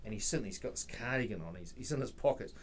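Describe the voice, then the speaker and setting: A man's voice: lowish voice, quick pace, a little hiss or hum. A man on a podcast, casually telling work stories and acting out both sides of the conversations. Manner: animated storyteller, acts out both sides of conversations. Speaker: podcast guest, facility manager.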